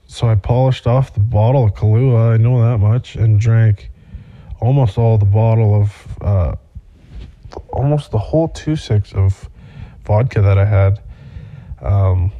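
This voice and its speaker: Rambling, profane man with a mellow voice. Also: on the low side, steady tone, unhurried, muffled recording. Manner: rambling and profane, many fillers. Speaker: podcast host. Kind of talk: casual storytelling monologue.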